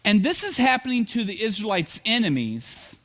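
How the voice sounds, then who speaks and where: A man preaching a sermon as pastor, telling the story with playful asides and quick acted lines. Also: high voice, very animated, fairly bright tone.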